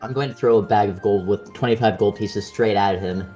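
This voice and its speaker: A man's voice: lowish voice, steady tone, fairly quick, mellow, soft background music. A man playing a tabletop game, talking in a brash, blunt way. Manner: brash, swearing. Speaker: player.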